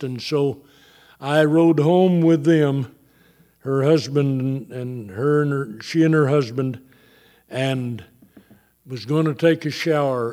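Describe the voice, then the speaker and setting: An older man preaching a sermon, telling a personal testimony in a slow, halting way and rising into fervent scripture. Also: fairly high pitch, a little mellow. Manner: slow, halting, reading from notes.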